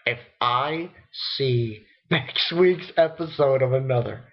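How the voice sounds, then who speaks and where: A young man reviewing an anime episode in a casual, rambling rant, cursing freely and breaking into shrill disbelief. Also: slow pace, muffled recording. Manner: excitable and profane, rambling, jumps into shrill disbelief.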